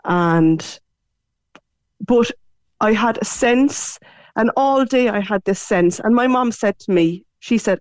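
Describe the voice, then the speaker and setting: A woman's voice: medium pitch, slow, a little mellow, dry recording, dull audio. A woman in her forties with an Irish accent, a radio guest telling a personal story in a chatty, emotional way. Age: 40s. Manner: chatty, emotional, quotes others often. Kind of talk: casual storytelling chat.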